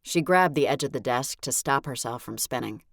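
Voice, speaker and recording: A woman's voice: extremely low pitch, lively intonation, moderate pace, gravelly, dry recording, studio quality. A woman narrating a first-person audiobook in a wry, exasperated tone.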